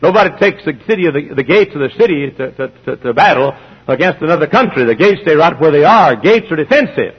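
A man's voice: fairly high pitch, lively intonation, quick pace, husky. A middle-aged man preaching a sermon, emphatic, repeating phrases and acting out both sides of conversations. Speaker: pastor. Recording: dull lo-fi sermon recording.

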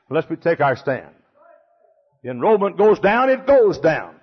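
An older man preaching a fiery sermon as pastor, emphatic and repetitive, swinging between shouts and hushed passages. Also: high-pitched, sing-song, moderate pace, breathy edge. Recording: dull lo-fi sermon recording.

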